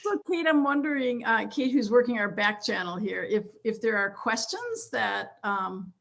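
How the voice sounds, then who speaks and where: A woman's voice: fairly high pitch, animated, normal speed, vocal fry, a bit bright. A woman hosting an online alumni talk, reflecting on students and taking audience questions over a video call. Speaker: host. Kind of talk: webinar moderating.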